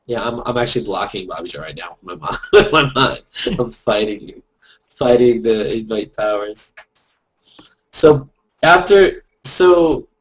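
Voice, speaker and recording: A man's voice: fairly low pitch, husky. A man hosting a casual group video chat, joking and rambling playfully over a webcam. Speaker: host. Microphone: webcam over video call. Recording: lo-fi video call audio.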